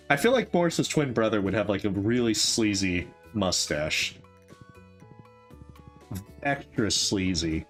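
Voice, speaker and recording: A man's voice: lowish voice, very animated, slow, pauses often. A man streaming a game, playfully chatting to the characters as he plays. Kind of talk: casual gameplay commentary. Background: faint game music.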